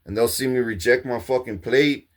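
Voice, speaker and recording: Man monologuing to camera: grandiose, profane, repetitive, average pitch. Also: steady tone, moderate pace. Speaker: self-proclaimed king ranting to camera.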